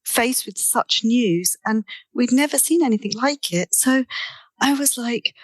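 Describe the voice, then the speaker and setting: A middle-aged woman, a therapist guest, telling a personal story in an interview with animated delivery and frequent restarts. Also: fairly high pitch, unhurried, no room sound.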